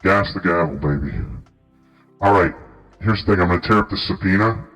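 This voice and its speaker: A man's voice: sits low, brisk, fairly bright tone, soft background music, poor audio. A man hosting an improvised comedy stream as a mock judge, goofy and rambling.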